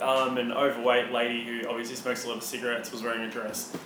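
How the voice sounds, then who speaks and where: A man's voice: medium pitch, monotone, fast, background noise. Rambling young Australian man, roomy sound. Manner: rambling storyteller, swears freely, laconic. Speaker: podcast co-host. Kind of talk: casual chat.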